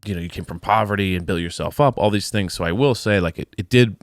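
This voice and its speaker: A man's voice: sits low, quick pace, no room sound, studio quality. A man co-hosting a podcast, chatting casually through a reality-TV recap and slipping into exaggerated mock voices. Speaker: podcast co-host.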